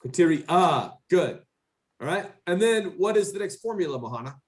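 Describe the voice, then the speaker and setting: A man with a fairly high voice teaches an English class and swings his pitch up and down as he talks. He drills pronunciation, corrects the students and repeats each word back to them. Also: a little fast. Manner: animated, lively intonation. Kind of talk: classroom drill over a video call.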